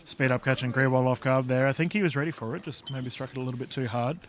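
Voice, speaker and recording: A man doing live play-by-play commentary for a sports stream, chatty with quick joking asides. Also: mid-range voice.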